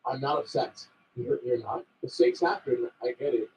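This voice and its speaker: A man's voice: medium pitch, moderate pace, a little mellow, a little hiss or hum. Anxious, apologetic man in a comedy sketch. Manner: anxious, apologetic people-pleaser voice. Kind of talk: comedic self-help sketch. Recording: dull sound from a distant mic.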